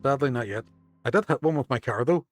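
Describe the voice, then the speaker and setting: A man's voice: mid-range voice, expressive, fast, dry recording, soft background music. A man live-streaming a game, swearing often, joking with chat and reading it aloud.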